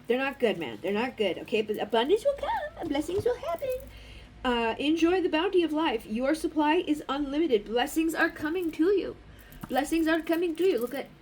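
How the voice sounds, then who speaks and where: A spiritual card reader gives a casual oracle card reading, blunt and rambling, swearing freely. Her voice sits high with a darkish tone, and there's a little hiss or hum in the audio.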